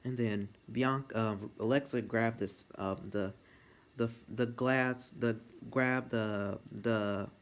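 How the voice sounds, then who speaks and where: A man giving a casual, rambling wrestling review, getting excited and swearing freely, often restarting his sentences. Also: mid-range voice, takes it slowly, smooth.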